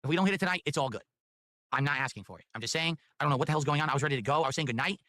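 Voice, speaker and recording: A man's voice: on the high side, racing, pushed and bright. A man livestreaming, talking in a rambling, pleading, sentimental way. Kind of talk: casual livestream talk.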